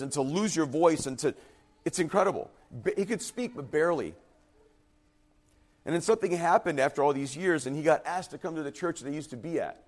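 An earnest pastor, his voice a touch higher than most men's, preaches with fervent emphasis and mounting intensity. At times his voice falters and drops into a quiet, husky tone.

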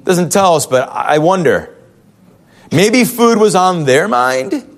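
An animated male pastor preaching in a church, his voice sitting high and swinging widely in pitch. He talks conversationally, tossing out rhetorical questions to the congregation. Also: slow. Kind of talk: sermon.

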